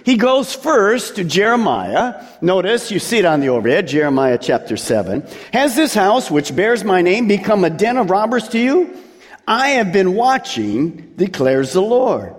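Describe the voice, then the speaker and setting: A man preaching a sermon as pastor, emphatic and drawing out key words for weight. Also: high voice. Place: church sanctuary. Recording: long hall reverb from a church.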